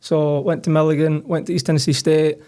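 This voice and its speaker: A Scottish man in his late thirties, a soccer coach answering interview questions in a relaxed, plain-spoken way. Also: on the high side, a little fast. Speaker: head soccer coach, guest.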